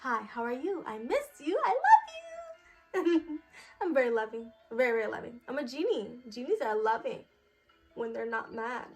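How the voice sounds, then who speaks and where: A woman's voice: on the high side, very animated, normal speed, soft background music. A woman voicing a loving, joking female genie spirit, sweet and affectionate in manner.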